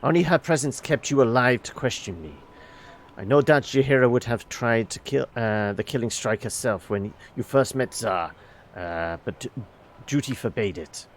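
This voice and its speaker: A man's voice: medium pitch, slight background noise, close to an everyday voice. A man voicing a stern, formal male secret agent in a video game, reading stiffly with frequent fillers.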